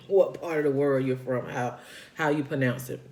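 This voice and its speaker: A woman vlogger recounts her weight-loss journey as she eats on camera, her voice rumbling low and a little mellow at a normal speed. Talkative and folksy, she speaks between bites and keeps repeating her points. There's echo from the room.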